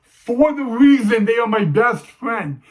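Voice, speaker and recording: A young man telling a personal story to camera, halting, with many fillers and restarts. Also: very high voice, lively intonation, rough recording. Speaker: vlogger.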